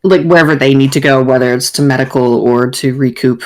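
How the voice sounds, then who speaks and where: A woman playing a tabletop game, narrating her character's actions with many ums and pauses. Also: rumbling low, fairly even intonation. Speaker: player.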